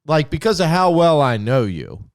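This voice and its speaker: A man hosting a podcast in casual chat, excitable and heavy on profanity. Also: fairly high pitch, moderate pace, no echo, clean studio sound. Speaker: podcast host.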